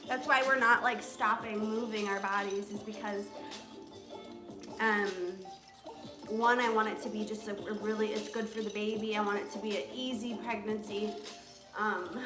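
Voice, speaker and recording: A woman's voice: mid-range voice, steady tone, normal speed. A young woman leading a live home workout as a fitness instructor, chatty and full of "um" and "like.". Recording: echoey room with music playing. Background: music.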